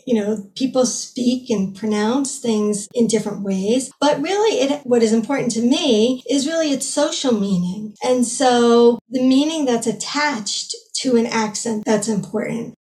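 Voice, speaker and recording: A woman researcher in an academic interview, explaining her work thoughtfully and often pausing with "you know". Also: fairly high pitch, darkish tone, far from the mic, rough recording. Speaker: guest researcher.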